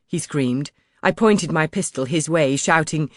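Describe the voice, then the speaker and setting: A woman narrating an audiobook in the first person, dramatic and building to loud shouts in the dialogue. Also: sits low, unhurried, no echo, clean studio sound.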